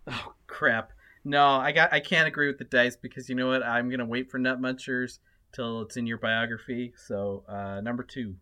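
Bright, dry-humored man making laid-back quips. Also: mid-range voice, steady tone, normal speed. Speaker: podcast co-host. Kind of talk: casual chat.

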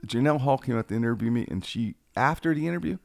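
A man's voice: medium pitch, fast talker, vocal fry, dry recording. A man, a radio personality telling stories on a casual podcast, acting out quoted lines with animation. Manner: animated, acts out quotes in a raised voice.

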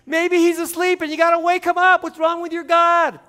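A man doing a loud jeering prophet, high and bright. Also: level tone, fairly quick. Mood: mocking. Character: mocking prophet taunting his rivals, adult man.

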